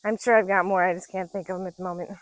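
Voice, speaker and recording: Speaking very fast with fairly even intonation, this woman in her forties has a voice on the low side. She's a vlogger out on a nature walk, telling casual stories in a chatty way and laughing a lot. The audio is dry and rough.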